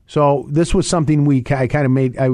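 Guy doing a money radio show, talks fast, keeps restarting himself, dry close mic. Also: a little high, steady tone, dark tone, no room sound. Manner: fast-talking, rambling with restarts and fillers. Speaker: radio show host and investment advisor. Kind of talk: financial advice radio talk.

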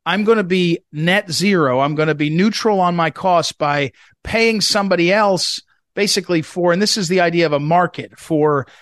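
A man's voice: high voice, normal speed, fairly bright tone, no room sound, clean studio sound. A man hosting a talk radio show, rambling with many fillers and restarts as he interviews a guest.

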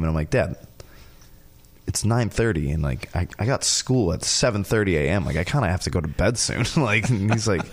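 A man's voice: sits low, animated, brisk, dry recording. A young man co-hosting sports talk radio, laid-back and chatty. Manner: laid-back, uses "like" a lot.

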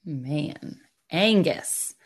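A woman's voice: low-pitched, animated, drawn-out words, slightly rough. A woman hosting a podcast, effusive and talking in long, winding questions to her guest. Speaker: podcast host. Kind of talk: casual interview chat.

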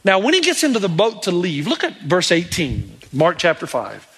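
Middle-aged man, pastor, animated sermon delivery, bright tone. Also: high-pitched, normal speed, slightly rough. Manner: animated preaching, acts out pleading voices of Bible characters.

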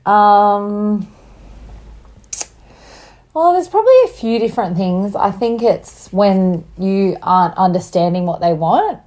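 A woman's voice: medium pitch, lively intonation, slow, darkish tone. A young woman co-hosting a casual chat, bubbly and rambling, laughing often, with a slight cough. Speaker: podcast co-host.

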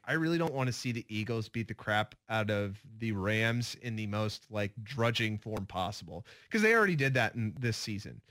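A man's voice: mid-range voice, fairly bright tone, dry recording, clean studio sound. Opinionated man on sports radio. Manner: opinionated, joking, trails off with fillers. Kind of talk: casual sports talk.

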